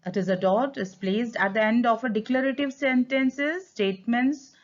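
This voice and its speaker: A woman's voice: on the high side, normal speed. A woman with an Indian English accent teaching a grammar lesson, stressing key words and slipping into Hindi to explain. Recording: dull lo-fi sound.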